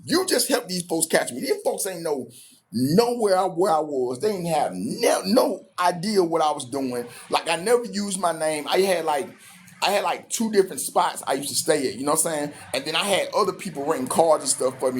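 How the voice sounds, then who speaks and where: Husky man telling a lively story. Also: fairly high pitch. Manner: animated, acts out every quote in his story. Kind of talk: casual storytelling.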